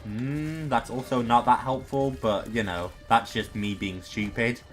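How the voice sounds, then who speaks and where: A man's voice: medium pitch, fairly even intonation, a little slow, soft background music. A young man casually commenting on his own gameplay, chatty and self-deprecating as he talks himself through a boss fight. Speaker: gaming streamer.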